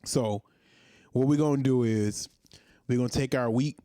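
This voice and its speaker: A man's voice: mid-range voice, moderate pace, warm tone, no room sound, clean studio sound. A man in his thirties hosting a commentary show, ranting in a heated, profane monologue full of repeated rhetorical questions. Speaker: commentary host.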